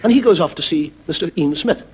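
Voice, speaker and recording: A comedian tells a long shaggy-dog story in a high, lively voice that rises and falls expressively. Faint noise sits underneath. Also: male voice, fast talker, low-quality recording. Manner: leisurely, animated joke-telling. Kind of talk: stand-up storytelling monologue.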